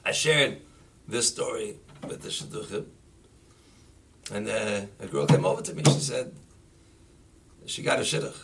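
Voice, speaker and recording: A man, a rabbi, giving an animated sermon full of stories, rising to near-shouting when he drives a point home, recorded from a distance. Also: on the low side, measured pace, creaky, long pauses. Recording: voice distant from the mic, faint background noise.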